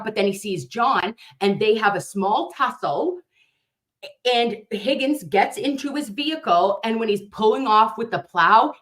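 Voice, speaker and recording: A woman hosting a casual livestream speaks directly to her viewers in a medium-pitched voice. She tells rambling, animated stories laced with swearing, sounding loose and unscripted.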